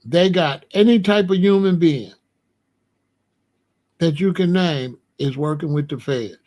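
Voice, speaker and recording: A man hosts a casual live stream. His voice sits high for a man. He talks in an animated way, laughs between points and calls out viewers by name. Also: a little slow. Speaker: host of a live call-in show.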